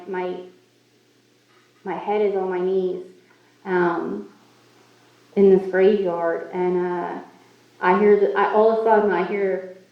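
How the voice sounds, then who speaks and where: A woman speaking at a recovery meeting, telling her own story in a candid, self-mocking way. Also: mid-range voice. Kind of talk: personal recovery story talk. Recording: echoey hall, far from mic, muffled.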